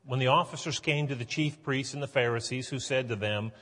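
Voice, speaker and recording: Brief: earnest male preacher, husky tone, long reverb from a big church hall. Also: medium pitch, a little fast, hardly any pauses, a bit bright. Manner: earnest, building to emphatic. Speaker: pastor. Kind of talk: sermon.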